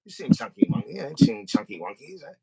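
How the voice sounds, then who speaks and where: A man's voice: lowish voice, sing-song, fast, gravelly, a crowd in the background. A man hosting a podcast, telling a comic story in a rant and acting out both sides of a phone call. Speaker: podcast host. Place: recording studio.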